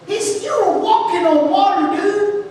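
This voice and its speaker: A man's voice: very high voice, unhurried, darkish tone, a little hiss or hum. A man preaching a fervent sermon in church, throwing questions to his congregation as he goes. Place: church sanctuary. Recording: echoey church hall from far off.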